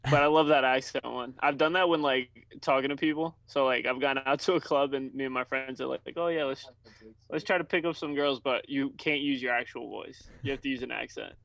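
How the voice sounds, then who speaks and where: A man co-hosting a casual chat, joking and telling quick anecdotes. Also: medium pitch, steady tone, creaky, fairly bright tone, dry recording, rough recording. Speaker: co-host.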